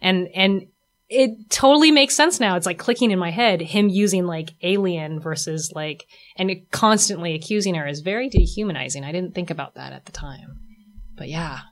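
A woman hosting a casual interview, chatty and animated as she tells stories and laughs often. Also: lowish voice, normal speed, slight background noise. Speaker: host.

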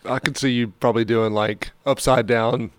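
A man co-hosting a podcast, playfully chiming in with quick reactions and asides. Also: medium pitch, fairly even intonation, clear, resonant tone, no room sound. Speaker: podcast co-host. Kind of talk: casual chat.

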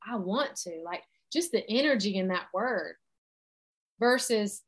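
Woman coach, earnest and animated, mid-range pitch, acting out self-talk. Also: measured pace. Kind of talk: motivational talk.

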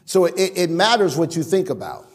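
A man preaches in a church, his voice pitched high. He delivers an animated sermon, stammering through restarts and acting out quotes. Long reverb hangs in the sanctuary. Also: brisk. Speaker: pastor.

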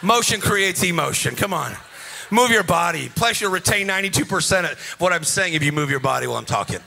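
A man's voice: high-pitched, lively intonation, brisk, vocal fry, pushed and bright, soft background music. A man preaching a rousing, joking sermon at a conference, with a sing-song delivery and frequent calls to the crowd. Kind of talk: energetic sermon. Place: conference stage.

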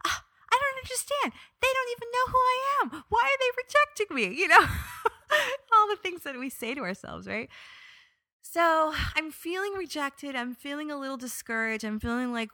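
A young woman with a bright, ringing voice tells a story from her own life on her podcast, lively when she acts out what she said and softer when she reflects. She is recorded up close in a dry, dead room. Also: mid-range voice, no echo. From New York area. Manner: expressive, animated when quoting herself, reflective. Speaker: podcast host. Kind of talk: personal storytelling monologue.

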